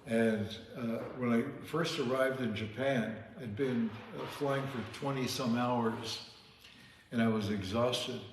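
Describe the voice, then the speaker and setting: A man's voice: mid-range voice, fairly even intonation, takes it slowly. A man telling rambling anecdotes in casual chat over drinks, often checking in with "okay?". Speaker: co-host. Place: home bar. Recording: echoey room with long reverb, faint hiss.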